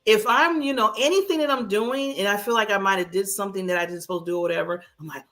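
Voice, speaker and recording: A woman's voice: mid-range voice, quick pace. A woman co-hosting a talk show in casual chat, telling stories and laughing often. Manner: laughs often, animated storytelling.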